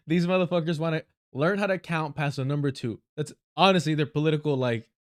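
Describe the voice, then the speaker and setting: A man's voice: a little high, fairly even intonation, normal speed. A man hosting a livestream, reacting to clips with sarcastic, profane ranting and frequent laughter. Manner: mocking, laughs often. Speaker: livestream host. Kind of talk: live commentary reacting to clips.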